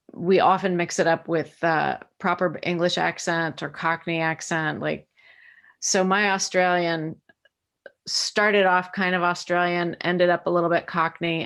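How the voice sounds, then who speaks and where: A woman's voice: deep voice, creaky, a bit bright. An American woman, a voice actor, recalling past work in a chatty, self-deprecating way. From United States. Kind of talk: casual interview recollection.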